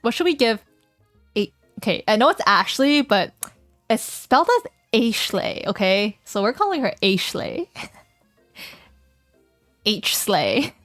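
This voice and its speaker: A woman's voice: medium pitch, big pitch swings, slow pace, pauses often, fairly bright tone, dry recording, faint music behind. A woman streamer reading a dating game aloud in a playful, casual way, chatting with her viewers between lines. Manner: playful, laughs often, reads game text aloud.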